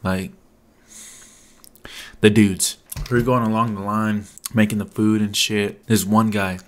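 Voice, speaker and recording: A man's voice: on the low side, flat delivery, a little slow. A young adult man telling a casual storytime vlog, rambling and profane, with lots of "like" fillers. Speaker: vlogger.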